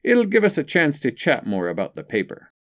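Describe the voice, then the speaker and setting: Dude reading a wry, plain-spoken young mom, raised pitch, lots of swing. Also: male voice, wildly swooping pitch, fairly quick. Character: young single mother, frank and wry.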